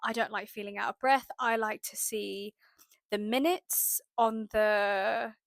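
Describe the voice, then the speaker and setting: A young woman from the UK telling a personal story in a chatty, animated way, acting out her own thoughts as she goes. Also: mid-range voice, takes it slowly, creaky, no echo, clean studio sound. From United Kingdom. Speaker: manifestation vlogger. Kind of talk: casual storytelling to camera.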